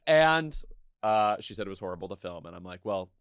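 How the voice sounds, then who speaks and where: A man hosting a podcast, chatting in a wry, arch, quick-witted way. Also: on the low side, lively intonation, clear, resonant tone, no echo, clean studio sound. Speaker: podcast host. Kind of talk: casual chat.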